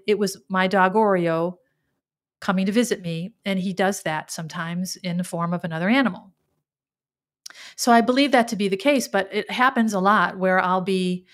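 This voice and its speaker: A middle-aged woman talks through a reflective spiritual monologue as a podcast host. She is earnest and openly emotional, with a mid-pitched voice. She often stumbles and restarts as she goes. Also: a bit bright.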